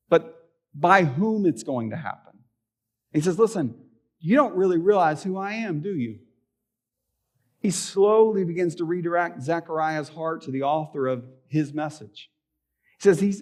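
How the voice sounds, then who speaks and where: A man's voice: on the high side, darkish tone. Conversational man preaching a sermon. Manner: conversational preaching with rhetorical questions. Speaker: pastor. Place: church sanctuary.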